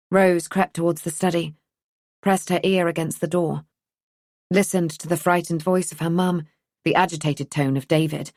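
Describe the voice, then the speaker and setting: A woman narrating an audiobook thriller in a measured, even storytelling manner. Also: lowish voice, no echo, studio quality. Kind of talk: scripted narration.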